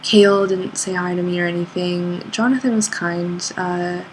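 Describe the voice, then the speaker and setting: A young woman, an art student, recounting her day in a loose, rambling way, full of "like" fillers, jumping up high in pitch whenever she quotes someone. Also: steady tone, moderate pace, a little mellow, slight background noise, poor audio. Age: young adult. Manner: rambling, lots of "like" fillers, acts out quoted people with sudden high pitch jumps. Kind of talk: casual spoken recollection.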